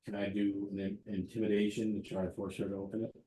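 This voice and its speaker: Male player, low and mellow, casual tactics talk, roomy echo. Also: flat delivery, fast talker, a little hiss or hum. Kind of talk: casual game chat.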